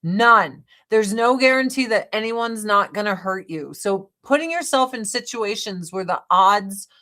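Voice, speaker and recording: A woman's voice: medium pitch, lively intonation, a little slow, pushed and bright. Blunt, foul-mouthed woman streamer. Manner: blunt, profane, ranting. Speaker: livestream host. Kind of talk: casual chat while doing makeup.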